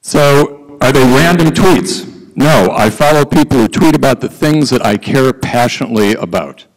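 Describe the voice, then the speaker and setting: A middle-aged man speaking to a conference audience from notes. His voice sits at an ordinary pitch and carries a long reverb from the hall. At times he slips into quick, rhythmic auctioneer-style patter. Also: expressive. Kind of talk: prepared conference talk.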